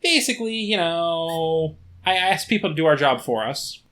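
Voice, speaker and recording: A man's voice: a little high, lively intonation, normal speed, fairly bright tone. A man co-hosting a comedy podcast, chatting casually and jokingly with frequent swearing. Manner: jokey, swears freely, slips into a gravelly put-on movie voice. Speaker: podcast co-host.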